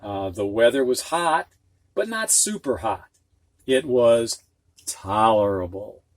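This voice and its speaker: A man's voice: medium pitch, lively intonation, slow pace, no echo. A man teaching a recorded reading lesson, patiently breaking long words into syllables and giving example sentences.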